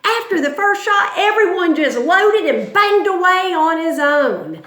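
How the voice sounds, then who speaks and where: A woman reading the words of a frontier militiaman, emphatic and excited. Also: very high voice, a little slow, echoey room, voice pushed up, heavily acted. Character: boisterous frontier militiaman recalling battle.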